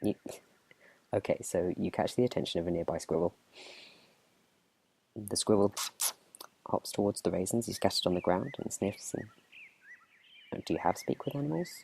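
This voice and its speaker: A man running a tabletop game as game master, narrating in a relaxed, chatty whispered role-play. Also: deep voice, moderate pace, gravelly, pauses often, slight background noise.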